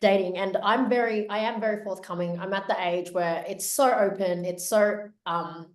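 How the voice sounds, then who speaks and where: A woman's voice: mid-range voice, steady tone, moderate pace. A woman hosting a podcast, talking openly and casually about her own dating life, with small laughs and restarts. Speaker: podcast host. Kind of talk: casual chat. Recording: roomy echo.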